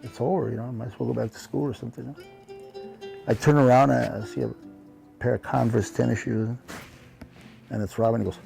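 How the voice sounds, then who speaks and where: A man's voice: mid-range voice, fairly even intonation, a little fast, vocal fry, pauses often, dark tone, faint music behind. A male comedian reminiscing in an interview, rambling and heartfelt, often saying "you know" and acting out remembered conversations. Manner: acts out remembered dialogue in his telling. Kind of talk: reflective storytelling in conversation.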